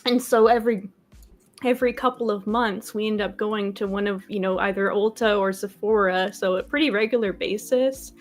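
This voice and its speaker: A woman with an average-pitched voice chats easily as a guest on a live call. Her tone is friendly and relaxed, with casual fillers. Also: moderate pace.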